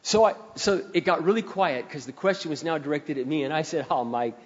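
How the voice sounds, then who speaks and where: A man's voice: a little high, fairly quick. Male preacher, dramatic storyteller, dull sound from a big reverberant church. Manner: dramatic, shifts between passionate and quiet. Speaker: pastor. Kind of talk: sermon with storytelling.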